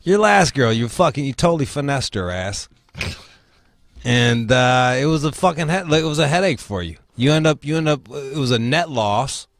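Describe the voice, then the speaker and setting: A male talk show host chats casually and tells stories with constant profanity. His pitch sits in the middle and the sound is dry and close. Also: normal speed, no room sound. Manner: profane, animated storytelling. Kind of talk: casual podcast chat.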